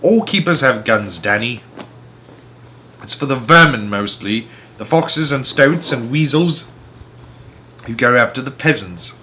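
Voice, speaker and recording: A man voicing a cheerful, scheming father who poaches, in a children's book read-aloud, telling tales with lively, boastful relish. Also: mid-range voice, a little slow, long pauses, a little hiss or hum.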